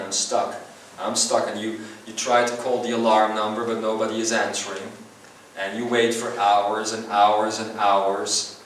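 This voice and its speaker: A man giving a live spiritual seminar talk, earnest and slow, with long pauses between phrases. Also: lowish voice, slight background noise. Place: seminar hall. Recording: echoey hall recorded from far off.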